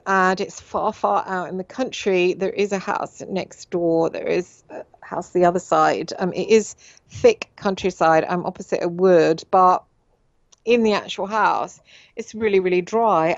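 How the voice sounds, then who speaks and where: A woman's voice: on the low side, no room sound. Rambling woman on a dull radio line. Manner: rambling, confiding, with many fillers and repeated words. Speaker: radio show host. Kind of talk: casual monologue.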